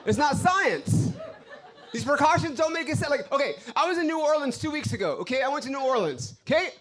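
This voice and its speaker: A man's voice: very high-pitched, very animated, a little fast, fairly bright tone. A man doing a brash, profane stand-up set on a club stage, ranting to the crowd. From Los Angeles. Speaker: stand-up comedian.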